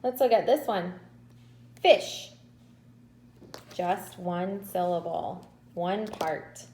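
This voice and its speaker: Woman, kindergarten teacher, unhurried patient delivery, roomy echo. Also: lowish voice, a little mellow. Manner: slow, patient, drawn-out syllables. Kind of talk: recorded remote lesson to children.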